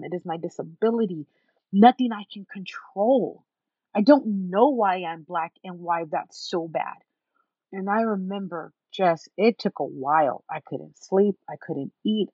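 A woman's voice: on the low side, no echo. A woman guest in an interview telling a personal story, acting out what others said to her. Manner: animated, acts out what others said. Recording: dull, dry, slightly lo-fi.

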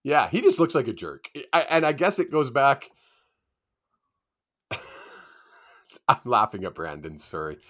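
Lively man telling sports stories. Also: mid-range voice, takes it slowly, pauses often. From Canada. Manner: laughs often, lively storytelling. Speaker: podcast co-host. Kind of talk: casual sports chat.

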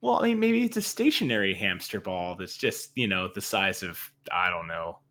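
Give me a playful man with an expressive voice who laughs as he talks in a group chat. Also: low-pitched, moderate pace. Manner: laughs while talking, playful.

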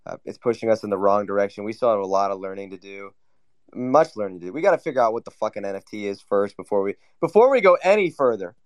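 A man's voice: on the low side, fast talker, a little mellow, no echo. Loose, swearing man chatting casually. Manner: swears a lot, rambling and loose. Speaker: host. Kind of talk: casual group chat.

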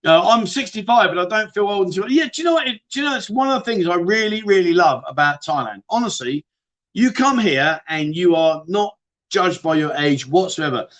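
A man's voice: high-pitched, animated, moderate pace, a bit bright. A man with a British accent hosting a casual livestream, reading out viewer questions and answering in a chatty, matey way. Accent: British English. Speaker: livestream host.

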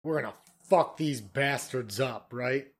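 A man's voice: medium pitch, measured pace, crowd noise. A man rambling through a casual history chat, swearing and filling with "like" and "you know.". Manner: rambling, profane, filler-heavy.

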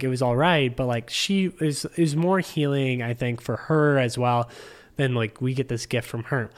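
A man telling a long anecdote as a podcast guest in his living room, rambling with plenty of "like" and acting out what people said. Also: medium pitch. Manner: rambling, heavy use of "like", acts out quoted speech. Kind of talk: casual storytelling chat.

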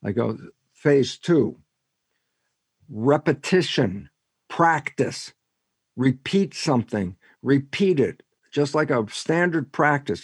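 A man's voice: mid-range voice, husky, dry recording. An older man, a scientist and author, explaining ideas in an interview and acting out both sides of imagined dialogues. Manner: animated storyteller, acts out both sides of dialogues.

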